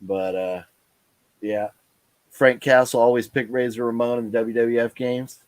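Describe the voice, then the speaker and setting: A tired man chats on a live stream, rambling through his thoughts with plenty of fillers and restarts. His voice sits at an ordinary pitch, and the sound is close and dry with no room echo. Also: fairly even intonation, a little slow. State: tired, yawning. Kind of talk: casual live stream chat.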